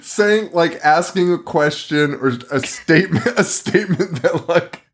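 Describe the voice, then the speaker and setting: A man's voice: on the high side, measured pace, slightly rough. A man co-hosting a podcast in casual chat, laughing and swearing as he recaps things. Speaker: podcast co-host.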